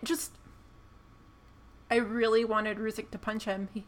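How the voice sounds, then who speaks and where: A woman co-hosting a casual podcast chat, recapping a TV episode with animated storytelling. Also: a little high, moderate pace. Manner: animated storytelling, laughs while acting out scenes. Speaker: podcast co-host.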